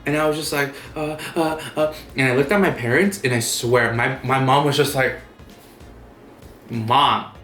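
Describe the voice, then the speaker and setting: Profane, animated young man in echoey room. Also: mid-range voice, fairly quick, hardly any pauses, soft background music. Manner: animated, profane storytelling with acted-out quotes. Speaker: vlogger. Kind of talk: casual storytime vlog.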